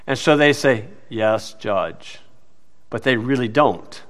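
A man giving a folksy teaching sermon who tells stories, keeps saying "you see" and drops to a low mutter during anecdotes. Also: normal speed, fairly bright tone. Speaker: preacher teaching on scripture and law. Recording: hall with long reverb.

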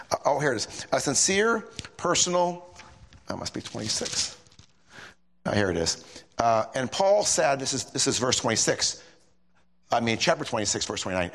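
A middle-aged lay preacher with a gravelly, husky voice talks through scripture in a folksy, rambling way. His pitch swings up and down as he presses his points, stumbling and restarting often. The sound carries a long reverb from a big hall. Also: fairly bright tone. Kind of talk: bible study sermon.

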